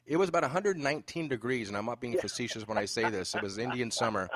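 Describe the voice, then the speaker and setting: A man hosting a podcast interview, telling an animated story with many fillers. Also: mid-range voice, fast talker, no room sound, clean studio sound. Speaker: podcast host. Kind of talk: casual interview chat.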